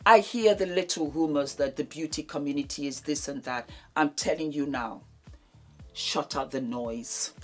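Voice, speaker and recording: A woman's voice: low-pitched, breathy edge. A woman in her fifties giving an emotional speech, effusive and repeating her thanks over and over. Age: 50s. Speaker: beauty vlogger giving a thank-you speech.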